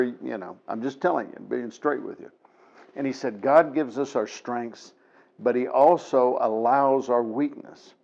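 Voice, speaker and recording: A man's voice: mid-range voice, gravelly, darkish tone. Middle-aged guy, folksy motivational storyteller, punchy delivery, kinda dull lo-fi sound. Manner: folksy, emphatic, laughs between points. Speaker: TV program host.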